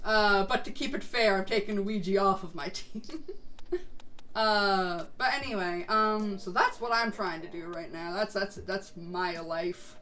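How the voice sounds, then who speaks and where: Woman streamer, mid-pitched, casual rambling chat over gameplay, laughs a lot. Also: unhurried, a bit bright, slight background noise. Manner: rambling and chatty, laughs often. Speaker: VTuber streamer. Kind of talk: casual chat while gaming.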